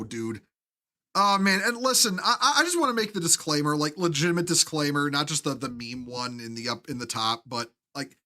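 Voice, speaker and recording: A man's voice: fairly high pitch, bright, forceful tone. A man hosting a live stream, ranting with heavy profanity and frequent restarts. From United States. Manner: profane, heated, halting restarts.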